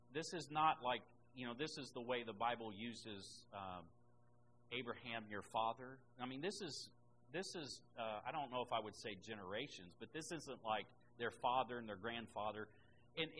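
A man teaching a Bible lesson, reading scripture slowly and emphatically, then explaining it in a conversational way. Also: medium pitch, fairly bright tone, a little hiss or hum, poor audio.

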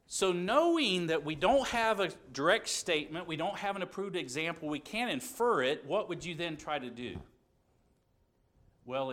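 A man teaches a Bible class in an earnest, reasoning tone, leaning on rhetorical questions. His voice sits in a middle pitch but moves around a lot. He sounds like a preacher working through a point step by step. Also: fairly bright tone.

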